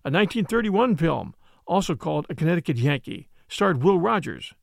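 A man reading a story aloud as an audiobook narrator, with expressive, shifting emphasis. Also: a little high, fairly quick, gravelly, no room sound, studio quality.

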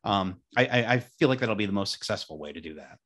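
A man's voice: lowish voice, animated, fast, a bit bright. A man on a casual film chat panel who jokes in a wry, dry way.

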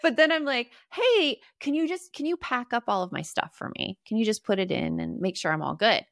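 A middle-aged woman co-hosting a podcast, telling lively family stories and acting out the voices of the people in them. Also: a little high, a little fast, no room sound, studio quality. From Arizona, US. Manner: animated storyteller, acts out quotes. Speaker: podcast co-host. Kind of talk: casual chat.

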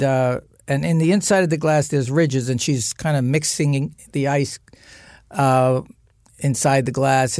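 A man, a podcast guest, telling a family story in an animated, profane way and acting out relatives' voices. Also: a little high, no room sound, studio quality. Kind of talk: storytelling in conversation.

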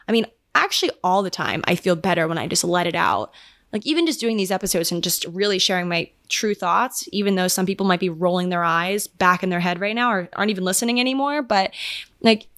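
A woman's voice: medium pitch, dry recording. Young female podcast host, casual rambling chatter, dry close recording. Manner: chatty, rambling, many "like" fillers. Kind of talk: casual solo podcast chat. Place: home.

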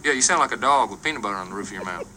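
A man's voice: on the low side, lively intonation, rapid-fire, background noise, lightly acted. An actor playing a brash grown man who teases someone in a film scene. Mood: mocking. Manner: brash and teasing. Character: mocking adult man taunting a foreign driver.

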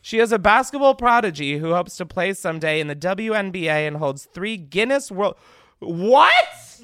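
A man's voice: high voice, animated, a little fast, fairly bright tone, clear, resonant tone, no echo, studio quality. A young man hosting a podcast, rambling and self-deprecating in casual comedic chat with frequent swearing. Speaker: podcast host.

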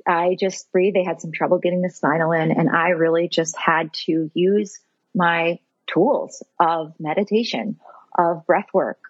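Woman podcast guest, husky voice, lively storyteller, slightly dull lo-fi recording. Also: on the low side, a little slow, no room sound. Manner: animated, laughs often, fillers like "like". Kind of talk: personal storytelling.

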